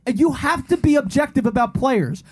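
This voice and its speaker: A man's voice: very high-pitched, lively intonation, brisk, darkish tone, husky. A man co-hosting a casual sports podcast, arguing his point hard, interrupting and restarting his sentences. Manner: argumentative, interrupts, stammers on restarts. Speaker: podcast co-host.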